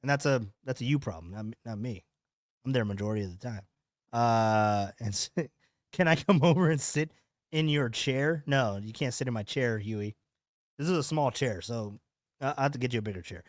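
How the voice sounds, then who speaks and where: A man's voice: medium pitch, animated, brisk, dry recording, studio quality. A man hosting a live podcast, rambling casually and repeating his words as he chats with viewers. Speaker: podcast host. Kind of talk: casual live-stream chat.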